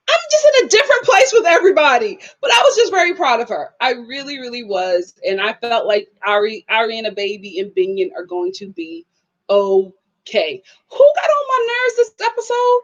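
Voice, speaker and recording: A woman's voice: fairly high pitch, muffled recording. A young woman hosting a reality TV review, chatting casually and animatedly, often laughing and acting out what people said. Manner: animated, laughing, acts out quotes. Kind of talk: casual chat.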